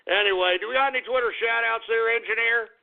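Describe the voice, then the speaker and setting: A man's voice: very high voice, fast talker, gravelly. A man hosting a radio show, ranting in an agitated, profane, rambling way. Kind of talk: ranting call-in style talk radio. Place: Austin, Texas. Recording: tinny phone-like lo-fi radio recording.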